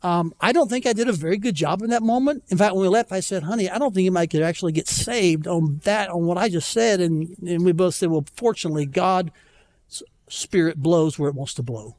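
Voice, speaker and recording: High-voiced pastor preaching a sermon. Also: male voice, a little mellow. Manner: conversational storytelling, self-deprecating, pleading slowly at key points. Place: church.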